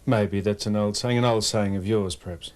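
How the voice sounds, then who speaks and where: An Australian man who used to play football answers interview questions with dry, wisecracking humor. His voice sits fairly low. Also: fairly even intonation, moderate pace. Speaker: interview guest, former footballer. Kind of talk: casual interview.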